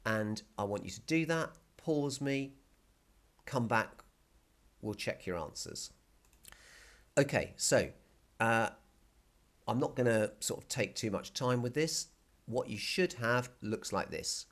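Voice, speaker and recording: A male Spanish teacher explaining a recorded video lesson patiently, repeating key words slowly. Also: mid-range voice, lively intonation, fairly bright tone.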